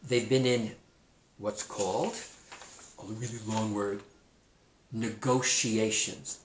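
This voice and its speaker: Male teacher with a Pacific Northwest American accent, slow and patient, repeats words for little kids; somewhat low voice, echoey room. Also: fairly even intonation, slight background noise. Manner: slow, repeats new words for young children. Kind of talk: kindergarten-level explanatory lesson.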